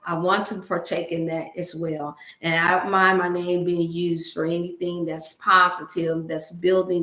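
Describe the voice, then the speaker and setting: Woman livestream host, Black dialect, emotional and preachy, talking at home into an echoey room. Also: on the low side. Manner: emotional, preachy, speaks to viewers as family. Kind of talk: casual livestream talk to viewers. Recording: roomy echo.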